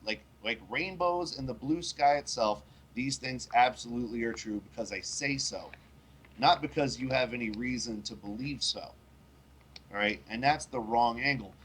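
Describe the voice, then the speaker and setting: A podcast host talks bluntly and profanely on a casual show, acting out little voices as he tells stories. His medium-pitched, slightly bright voice moves at normal speed over a little hiss or hum.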